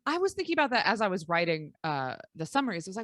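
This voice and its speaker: A woman co-host in relaxed conversation, jumping in with quick remarks and agreement. Her voice is a touch high and moves around a lot in pitch. The recording is close and dry. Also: no room sound. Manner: chatty, chimes in with quips and agreement. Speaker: podcast co-host. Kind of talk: casual recap chat.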